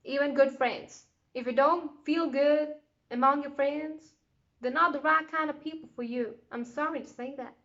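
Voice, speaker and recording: High-voiced woman giving chatty advice. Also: fairly even intonation, moderate pace, fairly bright tone, muffled recording. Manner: chatty and encouraging, with lots of fillers and asides. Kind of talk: casual advice chat to camera.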